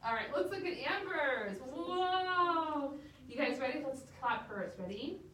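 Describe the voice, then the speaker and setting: A woman's voice: sits high, expressive, a little slow, a crowd in the background. A woman teaching a children's music lesson, encouraging the kids and chanting rhythm syllables. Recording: echoey room, far mic, noisy.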